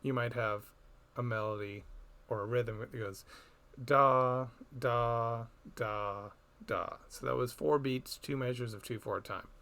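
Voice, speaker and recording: A man teaching a recorded music theory lesson, explaining slowly and chanting beat patterns aloud. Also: mid-range voice, fairly even intonation, creaky.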